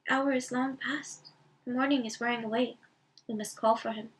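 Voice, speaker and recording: A woman's voice: fairly high pitch, fairly even intonation, distant mic, lightly acted, low-quality recording. A woman reading as Aragorn, a grave ranger leader. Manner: grave, measured.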